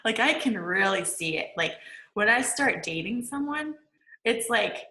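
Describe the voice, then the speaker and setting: Chatty lady coach lecturing casually, bright tone, roomy echo around her. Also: on the high side, expressive, a little slow. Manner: chatty, peppered with "like" and laughs. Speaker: manifesting coach.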